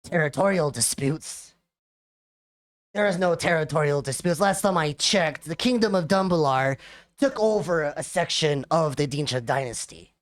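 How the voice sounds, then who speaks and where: A woman's voice: low voice, lively intonation, moderate pace. A woman voicing a dismissive older male noble.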